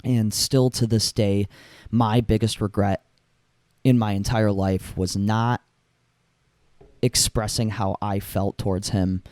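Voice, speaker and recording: A man's voice: lowish voice, steady tone, takes it slowly, pauses often, darkish tone, dry recording. A young man hosting a solo podcast, talking casually and rambling with lots of fillers and restarts. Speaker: podcast host.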